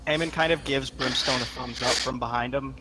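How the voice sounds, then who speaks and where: A man playing in a tabletop game, talking in a relaxed, hesitant way. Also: medium pitch, a little fast, crowd noise. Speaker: player. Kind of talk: casual tabletop play.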